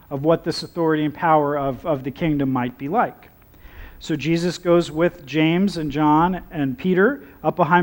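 High-voiced man preaching a casual sermon. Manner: conversational, humorous asides.

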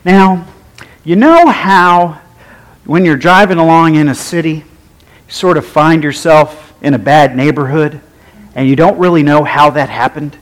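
Male preacher, higher than usual pitch, wry humorous storyteller, conversational sermon delivery. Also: unhurried, low-quality recording.

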